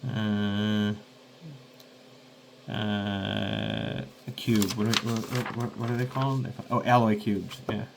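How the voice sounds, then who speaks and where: A man's voice: on the low side, steady tone, unhurried, hardly any pauses, noisy background. A man casually playing a solo tabletop game, rambling and thinking aloud to himself. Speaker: solo game player and host.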